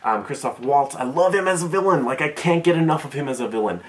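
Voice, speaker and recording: A man's voice: fairly high pitch, expressive, fast, slight background noise. A young man giving a casual, rambling movie review, full of fillers and restarts.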